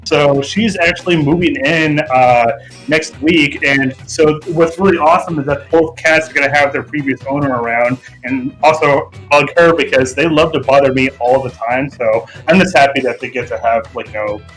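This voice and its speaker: A man's voice: medium pitch, steady tone, moderate pace, a bit bright, faint music behind, low-quality recording. A man in a casual livestream chat who tells a story hesitantly, with many fillers.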